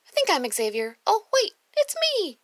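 A woman voicing a sweet, muddled little preschool boy with a high, excited, childlike delivery. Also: moderate pace, no echo, full character voice.

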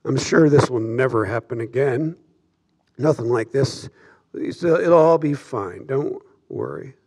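A preacher putting on an offhand, breezy Jesus, talking easily to an old friend with a slightly gravelly voice. The lines sit inside a sermon and stay close to the man's everyday speaking voice. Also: medium pitch, animated, takes it slowly, darkish tone, exaggerated voice. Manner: breezy, casual quoted speech inside a sermon.

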